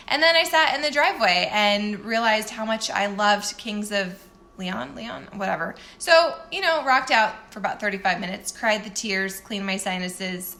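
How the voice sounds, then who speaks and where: Bright-voiced chatty woman vlogging. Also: medium pitch. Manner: chatty, candid and self-deprecating, laughs often. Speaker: fitness coach. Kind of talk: casual morning vlog chat.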